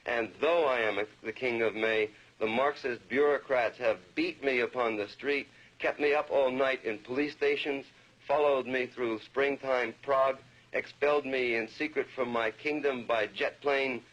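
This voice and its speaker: A man's voice: medium pitch, steady tone, moderate pace, a bit bright. A poet reading his own poem aloud in an incantatory, rhythmic way, leaning into repeated lines. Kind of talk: poetry reading. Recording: dull lo-fi archival recording.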